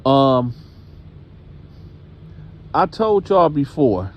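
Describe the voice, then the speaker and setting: A man's voice: medium pitch, very animated, drawn-out words, dull audio. A man hosting a channel, telling a story casually and addressing his audience directly.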